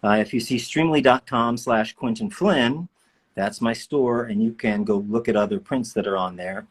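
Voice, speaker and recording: This voice actor's tone is on the low side and slightly rough as he jokes around with fans during a livestream autograph signing. It's a casual, playful chat recorded indoors.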